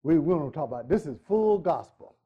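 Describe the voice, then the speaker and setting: A man's voice: a little high, lively intonation, fast talker, husky, highs cut off. A male pastor preaching a sermon in a church, emphatic, repeating phrases and joking with the congregation.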